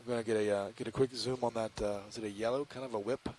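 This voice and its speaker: A man with a Southern US accent, a scientist giving live commentary on deep-sea creatures over an intercom, musing and hesitant with many fillers. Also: fairly even intonation, very fast, a little mellow, a little hiss or hum.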